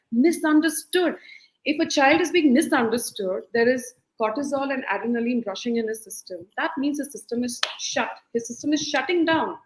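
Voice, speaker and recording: A woman's voice: high-pitched, fairly quick, echoey room, low-quality recording. A woman, a life skills coach, giving earnest parenting advice over a video call and acting out quoted voices. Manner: animated, acts out quoted voices, repeats key phrases. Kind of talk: earnest advice talk in a live-streamed interview.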